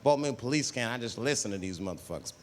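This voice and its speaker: A man performing a stand-up comedy routine on stage, talking in an animated way and jumping into loud put-on voices. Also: medium pitch, rapid-fire. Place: stage in a large hall. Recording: live hall recording, faint ambience.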